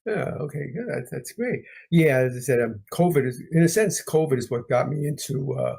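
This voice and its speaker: Slightly husky host, halting speech. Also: male voice, fairly high pitch, lively intonation, dark tone. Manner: hesitant, many ums. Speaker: show host. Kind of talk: casual interview.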